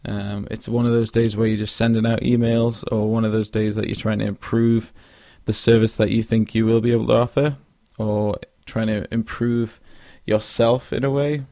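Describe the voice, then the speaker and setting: Low gravelly-voiced young man rambling. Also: little pitch movement, normal speed, few pauses, mellow, no echo, studio quality. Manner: rambling, frequent fillers and restarts. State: yawning, drowsy. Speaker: podcast host. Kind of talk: casual solo monologue.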